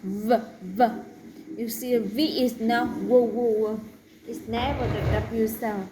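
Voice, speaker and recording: Slow, deliberate woman teaching pronunciation. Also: fairly high pitch, fairly even intonation, noisy background. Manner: slow, deliberate, drawn-out example words. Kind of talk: pronunciation lesson.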